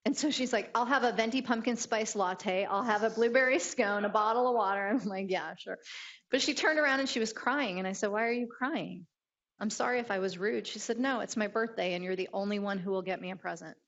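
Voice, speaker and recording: A woman's voice: medium pitch, brisk, muffled recording. A woman giving a motivational leadership talk, telling stories and acting out the people in them. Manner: animated storyteller acting out quotes. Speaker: keynote speaker.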